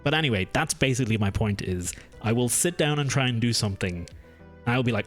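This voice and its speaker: A young man chats loosely with his audience, stopping and restarting his sentences and drifting from one tangent to the next. Music plays quietly under his voice. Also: medium pitch, lively intonation, fast. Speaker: streamer. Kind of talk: casual live-stream chat. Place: home room.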